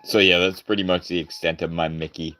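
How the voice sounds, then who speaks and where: Deep-voiced goofy male streamer. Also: level tone, fairly quick, bright, forceful tone, soft background music. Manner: goofy, rambling, laughs often, tries out character voices. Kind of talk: casual live-stream chat.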